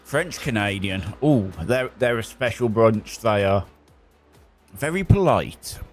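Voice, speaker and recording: A young man spotting for a sim racer, calling traffic briskly between jokes. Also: lowish voice, soft background music. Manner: brisk, jokey, calls traffic in short bursts. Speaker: race spotter. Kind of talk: live radio spotting during a sim race.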